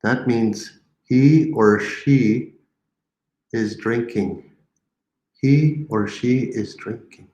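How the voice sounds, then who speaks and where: A man teaching a live language lesson, patiently repeating words slowly for learners, with playful teasing asides. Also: mid-range voice, a little mellow. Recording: echoey room.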